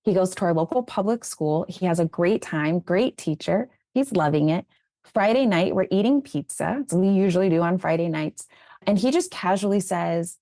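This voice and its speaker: Low-voiced woman telling a story. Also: moderate pace, dry recording, studio quality. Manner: earnest, animated when retelling conversations. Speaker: guest educator on raising children. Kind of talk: conversational storytelling in an interview.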